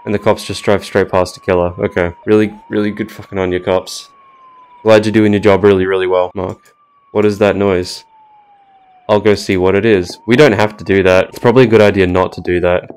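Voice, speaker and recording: A man's voice: low voice, steady tone, brisk, a little mellow, smooth. A man commentating a game he is playing, sarcastic and baffled, often laughing. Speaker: gaming YouTuber. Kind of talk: let's play commentary.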